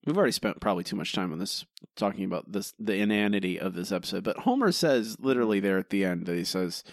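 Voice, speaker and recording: A man's voice: low-pitched, fast talker, few pauses, dry recording. Exasperated male podcast co-host. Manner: animated, exasperated, laughs often. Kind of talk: casual chat.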